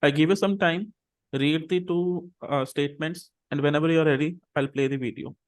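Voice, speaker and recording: Patient male English teacher, slightly high voice. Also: steady tone. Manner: patient, models pronunciation slowly and repeats words. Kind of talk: online English class. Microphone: video call.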